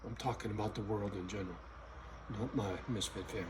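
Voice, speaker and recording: Man vlogging, profane rambling rant, lowish voice, faint crickets and hiss behind. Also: steady tone, fast talker. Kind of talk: casual rant to camera. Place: at home alone.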